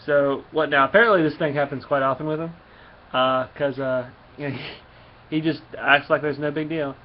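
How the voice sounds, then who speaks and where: A man's voice: on the high side, fairly even intonation, moderate pace. A man casually reviewing a comic book and retelling its story in a rambling way, with many fillers. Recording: slightly muffled, faint background hum.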